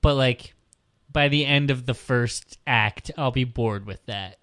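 A man co-hosting a podcast, chatting casually with sarcastic jokes and halting restarts. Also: medium pitch, fairly bright tone, dry recording, clean studio sound. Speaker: podcast co-host. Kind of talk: casual chat.

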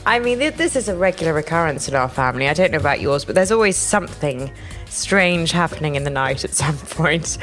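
A woman's voice: sits low, a little fast, soft background music. A middle-aged woman co-hosting a casual chat, telling stories with animation and laughter. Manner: animated storytelling, bursts of laughter. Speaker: podcast co-host.

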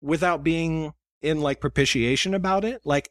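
A man's voice: fairly high pitch, expressive, fairly quick, no echo, studio quality. A man, a guest author, chatting casually about his publishing business and acting out his emails in quoted voices. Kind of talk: casual chat.

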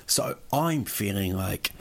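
Gravelly husky man telling a story. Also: fairly low pitch, slow pace. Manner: chatty, rambling, swears freely, grows excited. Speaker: podcast host. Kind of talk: comic anecdote storytelling.

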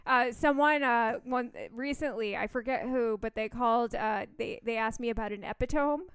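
A woman's voice: fairly high pitch, moderate pace, smooth, dry recording. A woman in her forties co-hosting a casual podcast chat, joking and steering the talk back on track. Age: 40s. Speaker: podcast co-host.

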